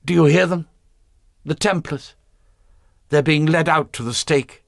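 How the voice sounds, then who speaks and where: A man's voice: on the high side, very animated, measured pace, dry recording, studio quality, voice pushed up. A man voicing a scheming, thrill-seeking young princess in a raised, teasing voice, in an audiobook read. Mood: eager.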